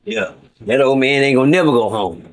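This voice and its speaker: This middle-aged guest talks a little fast in a medium-pitched voice while telling a story to viewers. His delivery is casual and profane, full of repetition and stammering restarts.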